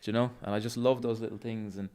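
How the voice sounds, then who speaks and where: A young Irish man, a jiu-jitsu coach, talking in a relaxed, enthusiastic way on a casual podcast. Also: lowish voice, fast, clean tone.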